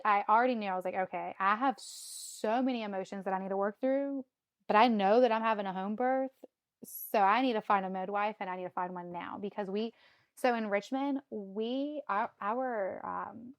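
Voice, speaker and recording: A woman's voice: mid-range voice, normal speed, no room sound, highs cut off. A woman in her thirties telling her own story as a podcast guest, acting out her past reactions and laughing often. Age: 30s. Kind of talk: casual storytelling.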